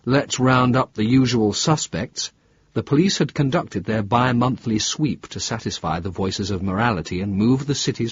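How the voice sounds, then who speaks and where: Male thriller narrator, low husky voice, animated delivery, muffled dry lo-fi audio. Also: dry recording. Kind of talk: scripted narration. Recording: dull lo-fi dry recording.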